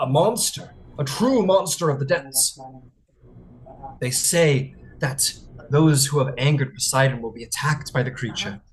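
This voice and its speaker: A man voicing a frightened man freshly freed from petrification, telling of a monster in dramatic, halting bursts. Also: medium pitch, slight background noise, voice pushed up, natural voice. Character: terrified man freed from stone.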